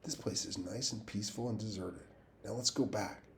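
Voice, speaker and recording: A man reading the lines of a dismissive boy in a raised, rasping voice. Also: fairly low pitch, normal speed, a bit bright, a little hiss or hum, natural voice.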